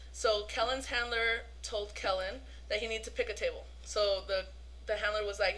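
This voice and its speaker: A young woman vlogging as a fan, telling a story in an excited, gushing way, full of "like" fillers. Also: fairly high pitch, normal speed.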